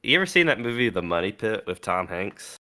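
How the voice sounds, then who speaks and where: A man's voice: fairly low pitch, very animated, brisk, bright, forceful tone. A man co-hosting a casual sports talk show, speaking in a wry, offhand way. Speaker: podcast co-host.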